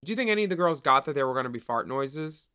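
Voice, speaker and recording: A man's voice: on the high side, animated, racing, bright, forceful tone, smooth, dry recording, studio quality. A man co-hosting a podcast in casual chat, laughing often and acting out quoted conversations. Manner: chatty, laughing, acts out quoted dialogue. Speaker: podcast co-host.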